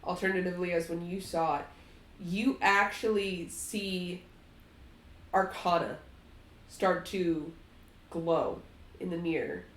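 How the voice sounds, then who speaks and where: A woman narrating a tabletop game as game master, slow and halting. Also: lowish voice, steady tone. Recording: roomy echo.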